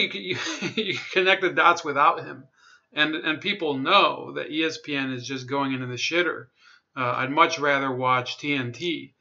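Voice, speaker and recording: A man talks through his opinions in a casual video, rambling and blunt, stumbling over restarts and dropping profanity freely. His voice is bright and forward, at a middle pitch, and the audio sounds a little dull and lo-fi. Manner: rambling with frequent fillers and restarts. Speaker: political commentary vlogger. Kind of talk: casual spoken commentary video.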